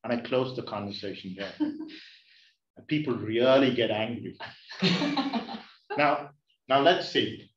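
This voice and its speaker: A man from India delivers a humorous speech to an audience, playfully teasing his listeners with questions. His mid-range voice is expressive, and he speaks slowly with long pauses. The recording sounds roomy, distant and dull.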